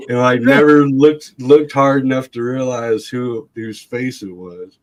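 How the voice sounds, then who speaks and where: A man's voice: fairly low pitch, measured pace. Rambling man telling a story. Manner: rambling, laughing, swearing, acts out voices. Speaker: livestream guest. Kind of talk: casual storytelling.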